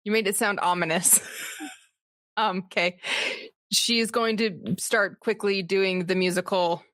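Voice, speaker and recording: A woman's voice: medium pitch, steady tone, measured pace, a bit bright, dry recording, clean studio sound. A woman speaking as a player in a tabletop game, playful and stumbling over words. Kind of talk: casual tabletop play.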